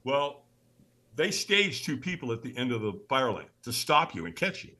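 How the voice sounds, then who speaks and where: A man, a podcast guest, telling a personal story in an animated way, acting out the voices he quotes and sometimes shouting them. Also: mid-range voice, moderate pace.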